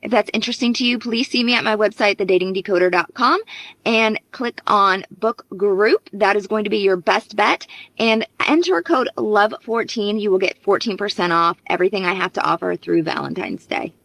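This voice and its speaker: A woman's voice: medium pitch, normal speed, vocal fry, a bit bright, no echo, poor audio. A woman relationship coach giving earnest, explanatory advice straight to camera. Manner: earnest, explanatory, acts out parents' voices. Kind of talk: direct-to-camera advice video.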